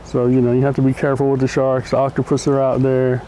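A man's voice: medium pitch, monotone, fast, mellow, poor audio. A man who works on the docks, speaking plainly in an interview. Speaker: dock worker. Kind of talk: casual interview. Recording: faint background noise.

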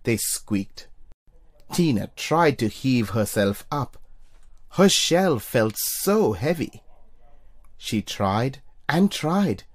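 A narrator reading a children's storybook aloud in an expressive way. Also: very slow. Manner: expressive, puts on high squeaky voices for characters. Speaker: storybook reader for young children.

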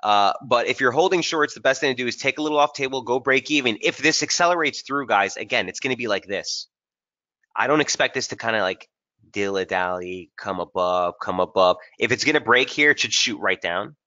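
A man's voice: mid-range voice, animated, fast talker, pushed and bright, lo-fi sound. A man hosting a live trading webinar, talking casually and energetically straight to his viewers as he walks through market analysis over charts.

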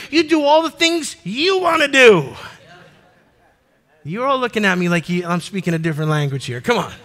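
A middle-aged male pastor preaching a fervent sermon to his congregation in a church, breaking into shouted exhortations. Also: extremely high pitch. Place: church sanctuary before a congregation.

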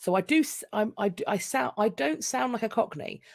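Her voice fairly high, expressive and tinged with vocal fry, this English history channel host talks fairly quickly on a casual live stream. She's chatty and wry with a London accent, frequently interrupting herself, and the studio audio carries no room sound.

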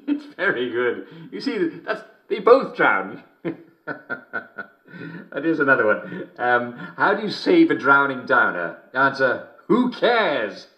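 A man's voice: medium pitch, big pitch swings, slow, pushed and bright, exaggerated voice. An actor playing a jovial, middle-aged English TV host who chuckles between lines with a smarmy showman delivery, in a scripted game broadcast. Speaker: TV and radio host.

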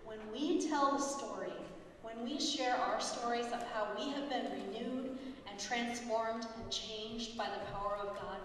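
High-voiced woman pastor preaching in an echoey hall. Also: unhurried. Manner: storytelling, lively quoted voices. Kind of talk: sermon. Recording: echoey hall, distant mic, faint background noise.

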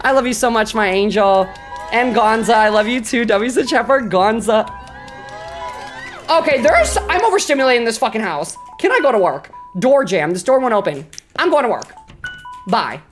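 A woman streamer casually narrating a game, talking to her chat with profane, excitable outbursts. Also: on the high side, moderate pace, soft background music, a faint crowd. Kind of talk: casual let's-play chatter.

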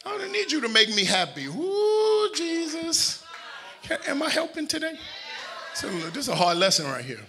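Bright, high-pitched preaching man. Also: moderate pace, a little hiss or hum. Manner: animated preaching, swings from shouting to quiet asides, joking with the congregation. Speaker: pastor. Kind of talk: sermon. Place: church sanctuary.

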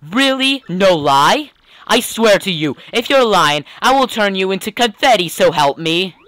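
A man voicing a gruff male mobster henchman who talks in tough-guy gangster slang. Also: sits high, expressive, unhurried, pushed and bright, dry recording, voice pushed up, exaggerated voice. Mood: heated.

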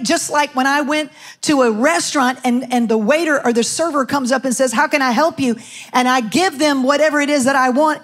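High-voiced woman pastor preaching. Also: fairly bright tone. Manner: preaching with rhetorical questions and scripture quotes. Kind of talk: sermon.

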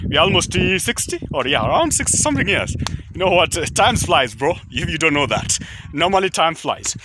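Near a highway outdoors, a Kenyan YouTuber rambles casually to the camera, his accented English, not his native tongue, peppered with fillers and restarts. His voice leans high and sharp, and there's slight background noise.

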